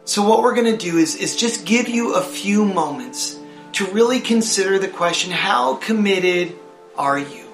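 A man's voice: high voice, animated, unhurried, fairly bright tone, echoey room, soft background music. An older man preaching a sermon as a pastor, earnest and searching, often repeating a word as he goes. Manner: earnest, repeats words as he speaks.

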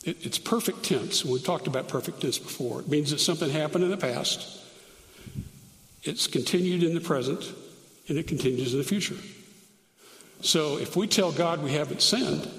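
A man teaching through Bible verses, reading scripture slowly and adding grammar notes aloud as he goes. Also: on the high side, a bit bright. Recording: echoey hall, long reverb.

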